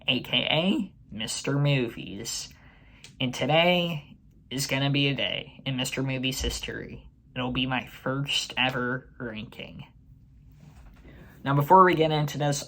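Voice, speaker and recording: A man's voice: medium pitch, fairly bright tone. A man hosting his own movie channel, giving a chatty, opinionated ranking to camera with fillers and restarts. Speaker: movie review channel host. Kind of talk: casual ranking commentary to camera.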